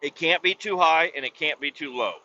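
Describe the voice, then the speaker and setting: Casual male podcast host, profane and exasperated, rambling storyteller, slightly high bright voice. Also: brisk, lo-fi sound, a little hiss or hum.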